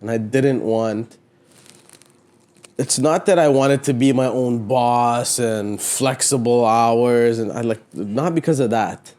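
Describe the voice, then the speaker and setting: Male co-host from Ontario; mellow, warm tone, loose rambling podcast chatter. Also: medium pitch, slow pace. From Canada, Ontario (Mississauga area). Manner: loose and conversational, many "you know what I mean" fillers, laughs easily. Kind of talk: casual chat.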